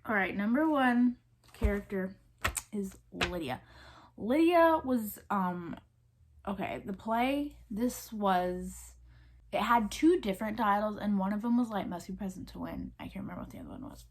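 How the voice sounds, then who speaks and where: A woman's voice: medium pitch, expressive, moderate pace. A woman in her twenties from the US South with a Southern accent, chatting casually as a vlogger, rambling with many fillers and restarts. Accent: Southern American. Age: 20s. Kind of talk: casual chat.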